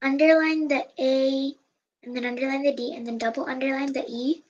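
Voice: high-pitched, fairly even intonation, a little fast, muffled recording, a little hiss or hum. A student in an online class carefully explaining how to mark a word, step by step.

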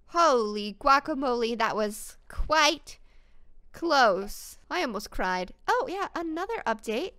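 A woman's voice: sits high, expressive, slow pace, sharp tone, clean tone. A young woman playing a video game and chatting in a bubbly, easily distracted way to her viewers. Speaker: gaming YouTuber. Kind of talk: casual let's-play chat.

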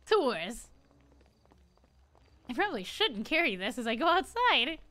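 A woman's voice: high-pitched, very animated, a little slow, bright, forceful tone. A woman streaming a role-play game, chatting casually and giggling often.

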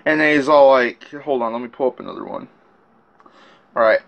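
This man speaks fairly quickly in a creaky, fairly bright voice of medium pitch. His casual rant lays out his side of a rap feud by recounting messages, heavy on swearing, rambling, and restarted sentences.

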